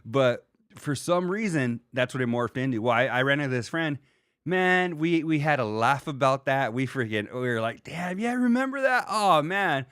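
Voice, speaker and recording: A man's voice: medium pitch, animated, moderate pace, fairly bright tone, smooth, no room sound, studio quality. A man hosting a solo livestream, chatting loosely and rambling as he reads viewer comments, swearing now and then. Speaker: livestream host.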